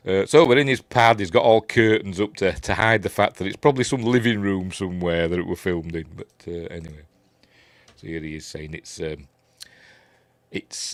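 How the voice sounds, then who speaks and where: Middle-aged Yorkshire male host, low voice with a lot of swing in it, rambling live commentary, dry close sound. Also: no echo. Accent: Yorkshire English. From Yorkshire, England. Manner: chatty, rambling, laughs at his own jokes; reads out viewer chat messages. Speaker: host of a livestream review show.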